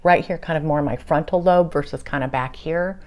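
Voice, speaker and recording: Low-voiced earnest woman host. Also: darkish tone. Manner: earnest, halting, with many fillers and restarts. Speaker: channeler and show host. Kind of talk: reflective spiritual monologue.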